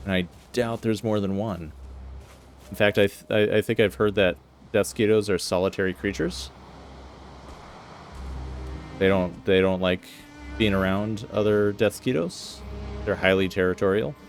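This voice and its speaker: A man's voice: lowish voice, steady tone, normal speed, soft background music. A man streaming a survival game, chatting casually and telling rambling stories with frequent laughs. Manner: rambling storyteller, laughs often. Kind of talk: casual gaming chat.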